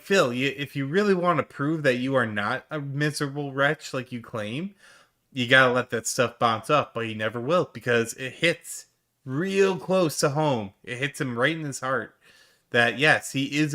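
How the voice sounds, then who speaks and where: A man's voice: medium pitch, normal speed, bright, forceful tone. A man giving sarcastic, mocking reaction commentary on a stream clip, swearing freely.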